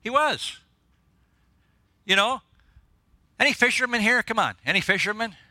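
Guest preacher, male, bright and a touch high, excitable and laughing at his own jokes, dry close sound. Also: moderate pace, no echo. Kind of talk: sermon. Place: church.

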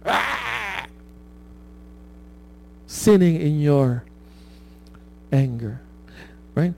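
A man's voice: fairly high pitch, sing-song, very slow, vocal fry, slight background noise. A man preaching a conversational sermon, often asking "right?" and laughing at his own stories.

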